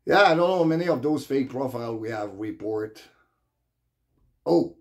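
A man's voice: medium pitch, animated, normal speed, long pauses. A man from Quebec with a Quebec French accent, a native French speaker, ranting casually to camera in loose grammar, swearing freely and rambling. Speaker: vlogger.

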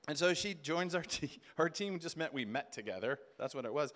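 A man speaking at a Christian conference, telling stories in an animated way and acting out conversations. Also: a little high, a little fast, slight background noise. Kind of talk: storytelling sermon talk.

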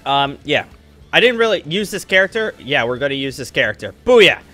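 A man's voice: mid-range voice, big pitch swings, brisk, pushed and bright. A young man hosting a gaming channel, giving casual, goofy, rambling commentary while he plays. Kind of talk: casual let's play commentary. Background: game music.

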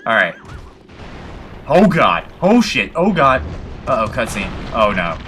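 Bright-voiced young man swearing through gameplay. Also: medium pitch, sing-song, takes it slowly, a little hiss or hum. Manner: emotional, swearing, self-mocking rambling. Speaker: let's play gamer. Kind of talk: casual gameplay commentary.

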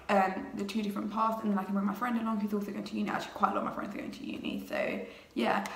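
A woman in her late teens talking casually to camera in a vlog, excited and rambling, full of "um" and "like". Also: mid-range voice, echoey room, distant mic. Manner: excited, rambling, lots of fillers. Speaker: YouTuber.

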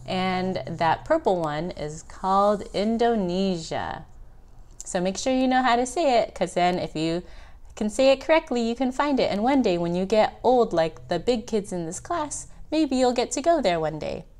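A woman's voice: medium pitch, lively intonation, a little mellow. Patient woman tutor teaching kids. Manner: patient, correcting pronunciation slowly and clearly. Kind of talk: children's geography lesson with a puppet.

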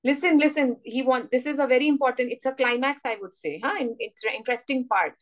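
A woman's voice: high-pitched, quick pace, poor audio. A woman with an Indian English accent teaching children in an online storybook class, explaining and coaxing with repeated words for emphasis.

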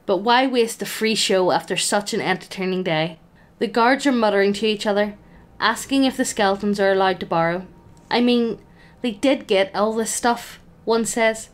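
A woman acting as game master, narrating a tabletop game in a playful, amused way. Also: medium pitch.

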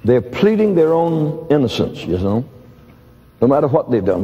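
A man's voice: very animated, moderate pace. An older man preaching a sermon, acting out conversations as he tells stories. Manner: storytelling, acts out dialogues with shifts in pitch. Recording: dull lo-fi audio in a reverberant hall.

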